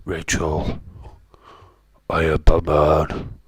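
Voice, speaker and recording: A man with a Yorkshire accent putting on a gruff, growling masked vigilante voice as a joke impression. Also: very deep voice, completely flat delivery, very slow, dry recording, pitched below the performer's own voice, exaggerated voice.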